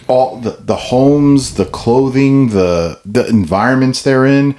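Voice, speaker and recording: A man co-hosting a podcast, chatting casually about a movie with a halting, animated delivery and frequent restarts. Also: mid-range voice, noisy background. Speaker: podcast co-host. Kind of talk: casual movie review chat.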